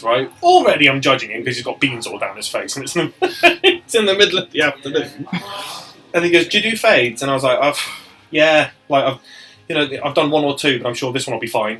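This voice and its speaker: A man's voice: medium pitch, bright, forceful tone, poor audio. A man, a barber co-hosting a podcast, telling stories in casual chat, swearing and laughing often.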